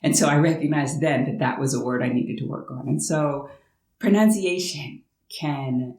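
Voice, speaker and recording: A woman's voice: low-pitched, moderate pace, darkish tone, roomy sound, poor audio. An American woman vlogging casually from her home in France, explaining things in a chatty way with playful asides. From United States. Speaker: language-learning vlogger. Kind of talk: casual talking-head vlog.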